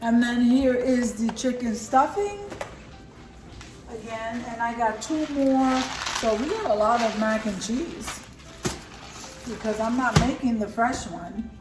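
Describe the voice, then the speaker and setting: A middle-aged woman vlogs her grocery haul from home, talking over music at a slow pace in a slightly high voice. Her chat is casual, and she sometimes speaks with her mouth full. Echo, a distant mic, and clear background noise mark the recording.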